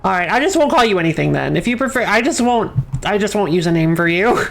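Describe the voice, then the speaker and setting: A woman's voice: mid-range voice, lively intonation, fast talker, creaky. A young woman streaming a game, chatting casually, laughing often and reading the on-screen text aloud. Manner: chatty, giggly, self-correcting.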